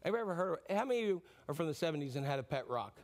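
A middle-aged male pastor preaching a sermon in a lively, conversational, joking way. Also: fairly high pitch, rapid-fire.

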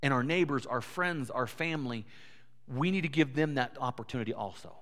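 A man's voice: medium pitch, fairly quick, fairly bright tone. A man preaching a sermon as pastor, earnest, building to emphatic peaks and often repeating words. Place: church sanctuary. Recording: long church hall reverb.

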